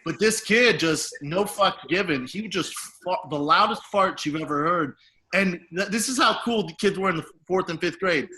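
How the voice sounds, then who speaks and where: A man in his thirties with a bright, forceful voice that sits a little high for a man. He tells embarrassing stories in a loose, profane way, laughing through them as a podcast co-host. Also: normal speed, a little hiss or hum, low-quality recording. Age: 30s. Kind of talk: casual storytelling chat.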